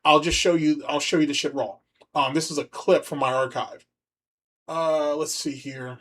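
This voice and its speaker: A man's voice: a little high, steady tone, moderate pace, a bit bright. A man hosting a livestream, rambling and mocking as he comments on a video. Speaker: streamer host.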